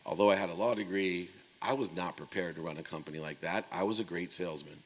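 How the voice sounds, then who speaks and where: A middle-aged man with a very low voice tells a personal story from a keynote stage, acting out what each person said. His words carry a long reverb that fills the big conference hall. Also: quick pace. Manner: emotional, confessional storytelling with quoted dialogue. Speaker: keynote speaker.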